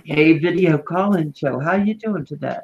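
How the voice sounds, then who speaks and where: A woman's voice: low-pitched, normal speed, dull audio, a little hiss or hum. A woman co-hosting a video call-in chat show, talking casually and laughing often.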